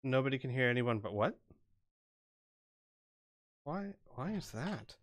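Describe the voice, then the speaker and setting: A man with a medium-pitched, sing-song voice speaks at a measured pace with no room sound. Acting as game master for an online tabletop game, he thinks aloud casually while working through rules and dice rolls.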